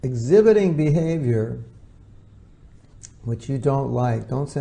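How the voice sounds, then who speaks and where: A man gives an informal spiritual lecture in a very mellow, dark voice with a gravelly edge. He talks conversationally and slips into the voices of the people he quotes. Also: medium pitch, expressive, takes it slowly, pauses often, a little hiss or hum. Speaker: spiritual teacher.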